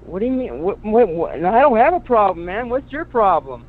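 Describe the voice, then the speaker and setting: A man's voice: sits high, sing-song, a little fast. A man calling into a show, mocking and arguing back at the host. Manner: mocking, combative. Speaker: caller. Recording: tinny phone line.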